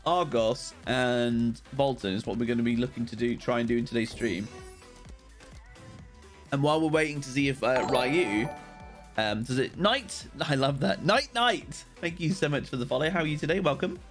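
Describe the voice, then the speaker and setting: A man's voice: mid-range voice, normal speed, faint music behind. A young man rambling casually on a game live stream, greeting viewers by name as he plays.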